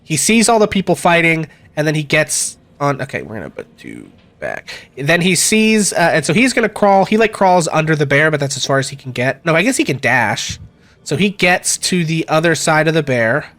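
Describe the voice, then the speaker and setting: A man running a tabletop game as game master, talking in a relaxed way with many fillers. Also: fairly high pitch, moderate pace.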